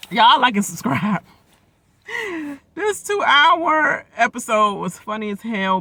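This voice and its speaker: Young male reaction vlogger: loud, slangy, high and bright-toned. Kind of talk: casual live reaction commentary.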